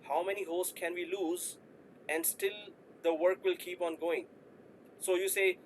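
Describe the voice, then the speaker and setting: A man's voice: high-pitched, fairly even intonation, a little slow, a little hiss or hum, rough recording. A man teaching a live online IT class, explaining with playful asides and jokes. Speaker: IT instructor.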